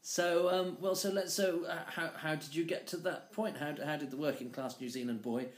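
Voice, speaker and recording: A man's voice: a little high, steady tone, brisk, echoey room. A man hosting an interview, asking hesitant, searching questions. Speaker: interviewer host.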